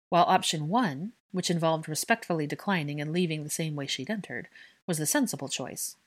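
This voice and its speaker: A woman narrating a fan fiction story aloud in a measured, even way. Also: sits low, slightly rough. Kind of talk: audiobook narration.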